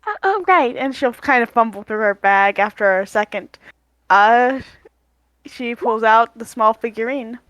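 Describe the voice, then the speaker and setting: A woman player describing her character's actions in a tabletop game, halting with fillers. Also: fairly high pitch, fairly even intonation, a bit bright, no echo.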